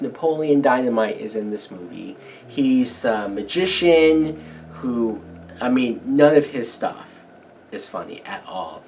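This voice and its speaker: Young guy swearing his way through a movie rant, voice jumping up and down a lot. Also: fairly high pitch. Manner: exasperated, profane, sarcastic. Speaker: movie reviewer. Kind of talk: ranting film review.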